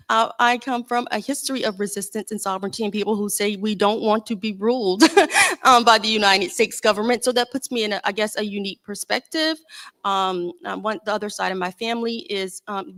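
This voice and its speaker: A woman with a Southern US accent speaking as a panelist and educator at a symposium, pausing often with fillers. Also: medium pitch, fairly bright tone. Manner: halting, heavy with um and uh fillers.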